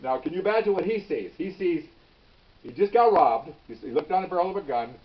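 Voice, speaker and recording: Animated retired cop, a little distant. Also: male voice, fairly high pitch, brisk. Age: 60s. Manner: animated, with many restarts and "okay?" tags. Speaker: retired police officer. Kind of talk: storytelling. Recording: dull, slightly distant recording.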